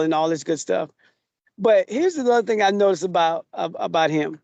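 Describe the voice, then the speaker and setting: A man's voice: high voice, moderate pace, a little mellow, no echo, dull audio. A male chef as a podcast guest, chatting casually and giving opinions with a laugh. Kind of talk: casual recap chat.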